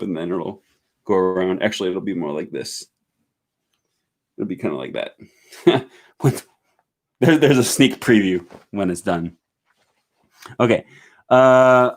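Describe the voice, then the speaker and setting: A man hosting a casual livestream at home, reading viewer comments aloud and chatting about them, with many fillers and a relaxed, meandering way of talking. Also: on the low side. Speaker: livestream host.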